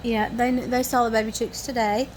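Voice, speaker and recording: A woman's voice: a little high, flat delivery, normal speed, a little hiss or hum. A tired woman chatting casually to camera at home in the evening, rambling in a homespun way. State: tired and yawning. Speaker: family vlogger.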